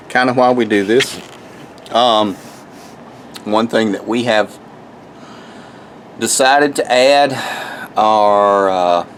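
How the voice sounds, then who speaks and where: A man with a somewhat low voice talks very slowly and casually outdoors in his garden. He rambles in a folksy way and keeps restarting and repeating words. A faint hiss sits under his voice. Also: rough recording. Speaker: homestead vlogger. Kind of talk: casual walk-through chat.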